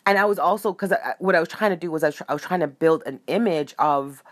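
A woman telling a personal story in a casual, animated way, often asking "right?" and "you know?". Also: low-pitched, quick pace. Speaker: storyteller sharing a spiritual anecdote.

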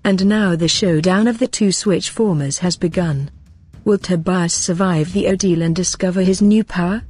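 A woman narrating an amateur science fiction story in a plain, steady way. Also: fairly low pitch, normal speed, slightly rough. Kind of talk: reading an amateur sci-fi story.

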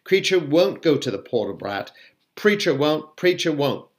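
A man voicing a resentful male house elf who croaks and shrieks the same refusal over and over. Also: on the high side, big pitch swings, moderate pace, pitched above the performer's own voice. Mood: sulky. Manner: repetitive stubborn chanting.

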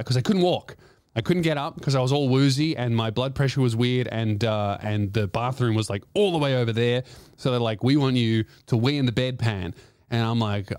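A man's voice: medium pitch, darkish tone, no room sound, clean studio sound. A man who is a comedian and podcast host, telling a profane, rambling comic story full of restarts.

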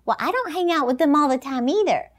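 A woman speaking as a Christian motivational speaker, delivering an inspirational talk in an emphatic, animated way and laughing often. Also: sits high, fast talker.

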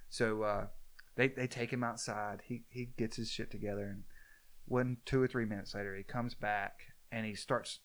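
A man telling a story in casual chat, acting out the quoted lines with a loud, animated voice. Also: on the low side, normal speed.

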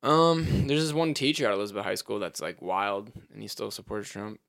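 A man's voice: lowish voice, a little fast, vocal fry, fairly bright tone. A young man co-hosting a podcast in casual chat, loose, joking and swearing freely. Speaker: podcast co-host.

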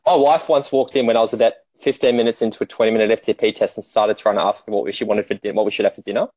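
A man in casual chat, telling animated stories and swearing freely. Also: on the low side, rapid-fire, no echo. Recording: dull lo-fi dry sound.

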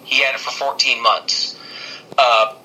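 A man's voice: medium pitch, little pitch movement, measured pace, pushed and bright, poor audio. A man co-hosting a podcast, rambling casually with many restarts and fillers. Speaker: podcast co-host.

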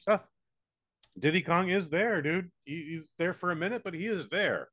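An American man co-hosting a podcast, reviewing a movie in casual, profane chat with quick silly voices. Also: high-pitched, a bit bright. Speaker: podcast co-host.

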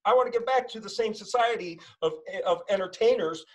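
Male podcast host in his 40s, higher voice, earnest and personal. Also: a little fast, rough recording. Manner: earnest, relating personal stories. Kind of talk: casual conversation.

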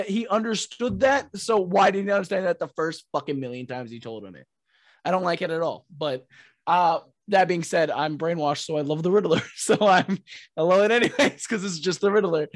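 A man co-hosting a podcast in casual chat, excitable and swearing often, acting out quotes in big voices. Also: on the high side, fairly quick, dry recording. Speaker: podcast co-host.

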